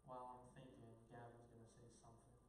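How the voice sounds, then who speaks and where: A man leading a youth group with playful, quick instructions. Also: mid-range voice, completely flat delivery, noisy background. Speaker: youth leader. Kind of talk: playful crowd warm-up. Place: large church hall, indoors. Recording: echoey room mic from far off with crowd.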